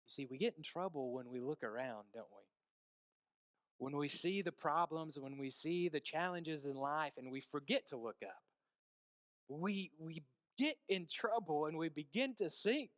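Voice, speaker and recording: A man preaching a sermon, telling a story with hushed stretches and emphatic peaks and asking the congregation questions. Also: fairly high pitch, lively intonation, normal speed, no echo.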